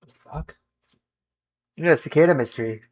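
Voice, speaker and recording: Swearing gamer man, slightly high voice. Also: normal speed, darkish tone. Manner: swears constantly, calls people dude. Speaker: gamer on a stream. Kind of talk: casual chat while gaming.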